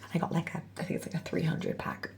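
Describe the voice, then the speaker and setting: A mother of three talks candidly to her camera in a casual personal vlog, speaking quickly in a morning voice and often dropping to a whisper. Background noise can be heard.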